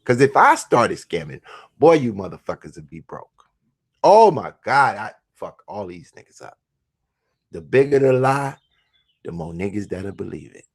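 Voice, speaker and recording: A man's voice: on the low side, sing-song, moderate pace, husky. A man hosting his own show, delivering a crude, mocking, profane rant. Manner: crude, mocking, swings between shouts and mutters. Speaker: host. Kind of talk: profane ranting monologue.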